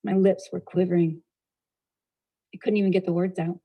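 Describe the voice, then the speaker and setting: A woman giving a motivational talk, telling a personal story with a lively, expressive delivery. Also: lowish voice, normal speed, dull audio. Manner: expressive storyteller, shifting pace and loudness, laughing at herself. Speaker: motivational speaker.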